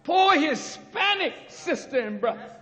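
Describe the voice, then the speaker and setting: A man preaches to a student audience in a very high, bright voice, taking his time and leaning hard on each phrase before surging into shouts. The archival recording rings with the long reverb of a university auditorium. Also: big pitch swings. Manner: preaching, rising to shouts, drawn-out emphasis. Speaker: minister addressing students. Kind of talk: impassioned lecture speech.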